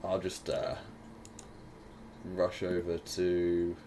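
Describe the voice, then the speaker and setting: Really deep-voiced guy, slow and hesitant, faint hiss behind. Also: completely flat delivery, mellow. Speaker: player. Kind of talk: tabletop role-play.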